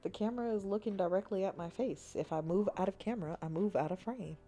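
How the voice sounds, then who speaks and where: Woman streamer just chatting, dark mellow voice, whispery bits, quiet music behind. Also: mid-range voice, fast talker. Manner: playful, drifts into soft whispers. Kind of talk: casual chat.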